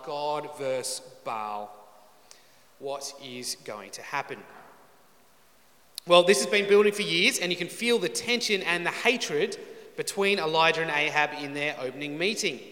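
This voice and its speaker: A man's voice: fairly high pitch, bright, forceful tone. A man preaching through a Bible passage, reading verses dramatically and adding wry, joking asides. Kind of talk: expository sermon. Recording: roomy echoey hall.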